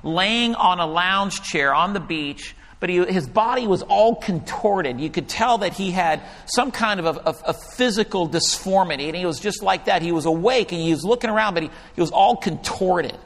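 A male pastor preaching a sermon and telling a story, animated at times and hushed when he quotes a prayer. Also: high-pitched, normal speed, few pauses. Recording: hall reverb.

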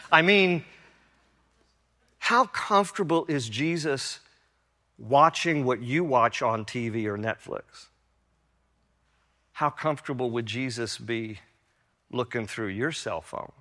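A man preaching a sermon as pastor, swinging from loud, high storytelling to quiet, reflective questions. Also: in a large hall. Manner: animated storytelling, rising loud and high in anecdotes, dropping soft for reflection.

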